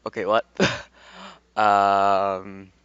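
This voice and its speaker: A man's voice: on the low side, monotone, very slow, a bit bright, clean tone, dry recording. A man reading fan fiction aloud in a casual way, breaking off into rambling, swearing asides. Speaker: fan fiction reader and YouTuber. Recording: dull, dry home recording.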